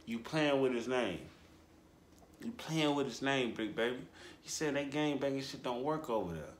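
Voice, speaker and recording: A man giving casual reaction commentary, drawling and repeating himself, his voice jumping high for emphasis. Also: normal speed, reverberant, a little hiss or hum. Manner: animated, drawling, repetitive, voice jumps high for emphasis. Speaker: commentary host.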